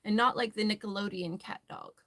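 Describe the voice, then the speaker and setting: A woman's voice: medium pitch, brisk, a bit bright. A woman hosting a crochet tutorial, chatting casually and rambling as she works, laughing often. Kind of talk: casual chat while crocheting.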